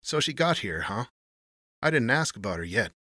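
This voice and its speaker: A man's voice: medium pitch, very animated, moderate pace, pushed and bright, no echo, clean studio sound. A man voicing a wary, sardonic gangster in an audiobook, with clipped, snarling tough-guy talk. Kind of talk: audiobook reading.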